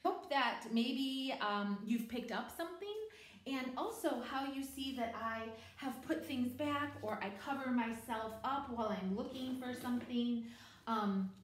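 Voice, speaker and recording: A woman and online English teacher, chatting casually in a vlog about her lessons. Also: a little high. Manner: chatty, animated, over-enunciates with the student. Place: home teaching room. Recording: roomy echo.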